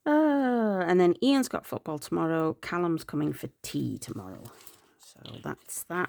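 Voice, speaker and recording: A middle-aged woman talks in a low, unhurried voice with a gravelly edge. She rambles, corrects herself and lets soft laughs slip in, sounding tired. The sound is close and dry. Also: big pitch swings, dry recording. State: tired, yawning. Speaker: planner vlogger. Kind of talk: chatty planner update.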